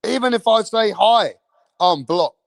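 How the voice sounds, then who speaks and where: On his boxing channel's livestream, an English-accented man rants angrily, cursing constantly and repeating himself. His voice is high and creaky, animated but a little slow. The studio-quality audio has no room sound.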